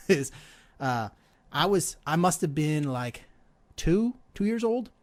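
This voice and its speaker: A man's voice: a little high, wildly swooping pitch, takes it slowly. A middle-aged man hosting a casual podcast chat, telling self-deprecating stories with frequent laughs. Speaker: podcast host.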